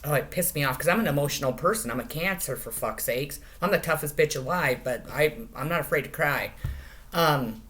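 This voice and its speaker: A woman giving a casual tarot reading to her channel, crude and profane, jumping between loud cries and quiet asides. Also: a bass voice, expressive, moderate pace. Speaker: tarot reader.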